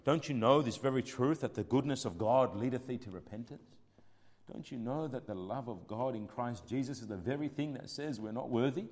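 A man preaching a sermon with passion, rising to loud declaiming and dropping to hushed pleading, and reading scripture in old-fashioned wording. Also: mid-range voice, brisk. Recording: long hall reverb.

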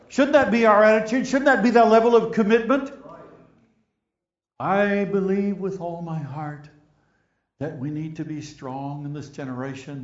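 An Australian-accented man preaches a sermon, animatedly telling stories that build to loud, emphatic peaks and then fall to hushed, prayerful tones. His voice is a little high, and the sound is roomy with the highs cut off.

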